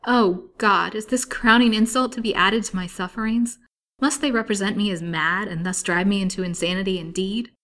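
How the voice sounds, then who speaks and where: A woman's voice: on the low side, fairly quick, creaky, a bit bright. A woman doing a pleading young prisoner girl. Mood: anguished. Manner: earnest, pleading.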